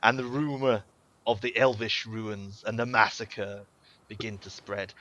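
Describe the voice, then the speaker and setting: A man's voice: fairly low pitch, flat delivery, a little slow, bright, forceful tone, slight background noise. A man narrating as game master in a tabletop game over a video call, rambling and repeating words as he describes scenes. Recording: dull lo-fi video call audio.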